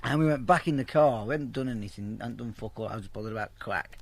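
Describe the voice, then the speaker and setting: In a casual interview, a man tells a rambling, heavily profane story and acts out the voices of the people in it. His voice is medium-pitched with vocal fry, and he talks at a quick pace.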